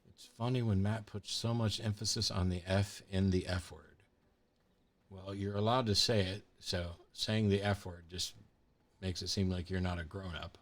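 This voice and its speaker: Sweary, low-voiced man gaming on stream. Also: steady tone, moderate pace. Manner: frustrated, sweary, dry asides to chat. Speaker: streamer playing a game. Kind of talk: casual livestream commentary.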